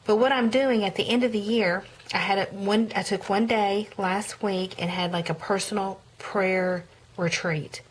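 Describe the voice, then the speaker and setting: A woman's voice: mid-range voice, steady tone, normal speed, slightly rough, low-quality recording. Chatty woman showing her prayer journal. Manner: chatty, with frequent ums and self-corrections. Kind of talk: casual show-and-tell vlog.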